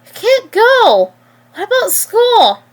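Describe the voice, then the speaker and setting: A woman voicing a shrill, possessive girlfriend. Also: huge pitch swings, takes it slowly, full character voice. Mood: pleading. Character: clingy, possessive young girlfriend, quick to yell. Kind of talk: amateur story reading.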